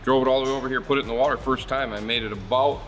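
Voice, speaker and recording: A man's voice: medium pitch, steady tone, rapid-fire, fairly bright tone, soft background music. Blunt, rambling man telling shop stories. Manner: blunt, rambling storyteller who swears freely. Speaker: marine service shop host. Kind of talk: casual shop talk.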